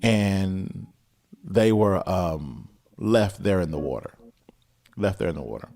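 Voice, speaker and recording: Low-voiced preaching man, building intensity. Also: expressive, slow, gravelly, darkish tone. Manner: preaching with rising intensity and repetition. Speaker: pastor. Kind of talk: sermon.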